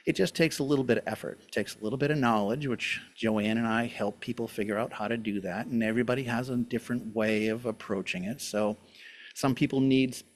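A middle-aged man talks as a doctor guest in an easygoing, rambling way. He laughs now and then, and his pitch sits in a middle range for a man. He explains at length in a friendly chat. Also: fairly quick. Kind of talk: casual health chat.

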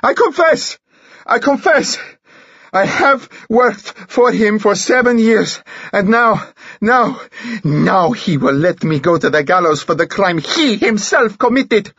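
A desperate, panic-stricken man screams out his confession in a high, frantic voice. The sound stays dry and close, slightly dull. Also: expressive, slow, a bit bright, husky, no echo, heavily acted. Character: terrified, desperate male servant confessing.

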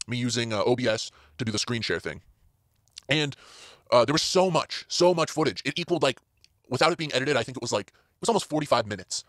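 Fast-talking man rambling in his car. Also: mid-range voice, fairly bright tone, no room sound, clean studio sound. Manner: rambling, full of fillers and restarts. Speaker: podcast host. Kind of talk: casual solo podcast chat. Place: inside a parked car.

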